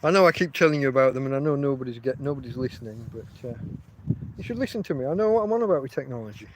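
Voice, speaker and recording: A man's voice: medium pitch, animated, rapid-fire, noisy background. A man, chatting casually and rambling on a livestream from outdoors. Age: 50s. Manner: rambling, chatty, often restarts his sentences. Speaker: livestream host.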